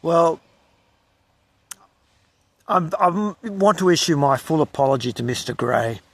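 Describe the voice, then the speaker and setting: A man's voice: fairly high pitch, lively intonation, a little slow, husky, dry recording. An Australian man giving an unrehearsed poetry reading with wry asides, sometimes stumbling over the words. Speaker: poetry reader.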